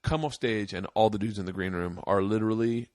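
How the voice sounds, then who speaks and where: A man's voice: on the low side, brisk, darkish tone, no room sound, clean studio sound. A man hosting a podcast, telling stories in a casual, boisterous, profane way from a home man cave. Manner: profane, boisterous, acts out quotes. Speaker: podcast host and stand-up comedian. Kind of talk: casual storytelling chat.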